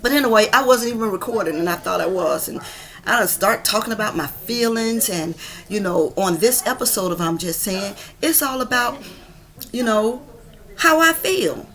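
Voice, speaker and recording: A woman's voice: medium pitch, moderate pace, fairly bright tone. A Southern woman from Georgia in her fifties vents in an emphatic, heartfelt vlog monologue. She presses her points by repeating them, speaking from a room at home. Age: 50s. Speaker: vlogger. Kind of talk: venting monologue.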